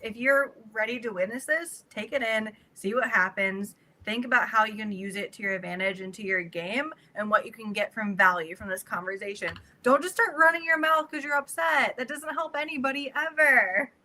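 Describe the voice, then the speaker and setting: A woman's voice: on the high side, normal speed, hardly any pauses, bright, forceful tone. A woman guest on a podcast, giving firm advice in casual chat.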